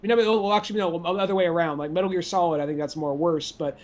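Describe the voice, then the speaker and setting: Man in his twenties, high voice, casual podcast banter, dry asides, dull recording. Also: steady tone. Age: 20s. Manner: quick-witted, laughs often, dry asides. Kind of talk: casual chat.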